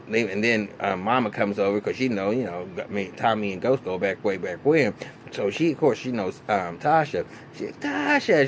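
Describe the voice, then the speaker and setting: Man, casual recap, profane, animated, jumps up in pitch for quotes, faint background hiss. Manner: animated, profane, acts out characters' lines in raised pitch. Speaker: TV episode reviewer.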